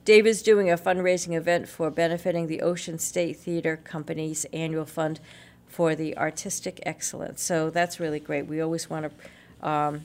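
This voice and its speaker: A woman's voice: deep voice, steady tone, normal speed, a little mellow. A woman hosting a local radio show, chatting casually through event listings with lots of fillers and small laughs. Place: radio studio.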